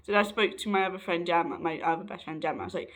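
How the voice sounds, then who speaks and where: A young man chatting to camera, excitable and rambling, with a slightly croaky, raspy voice. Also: fairly high pitch, racing. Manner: excitable, rambling, with many restarts. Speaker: vlogger. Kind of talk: casual chat to camera.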